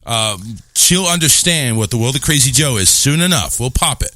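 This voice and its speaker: A male radio host chatting on air in a bright, animated voice that swings up and down. He laughs often, teases, and repeats phrases as he gets his point out. His sound is dry and close. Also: mid-range voice, normal speed, dry recording. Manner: laughing, repeats himself, teasing. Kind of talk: casual on-air chat.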